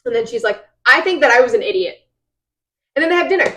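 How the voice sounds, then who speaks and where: A woman's voice: a little high, lively intonation, fast, sharp tone, slight background noise, poor audio. A woman recapping a novel's chapters in casual, rambling podcast chat, acting out the characters' lines. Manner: rambling retelling with quoted voices. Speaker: podcast host.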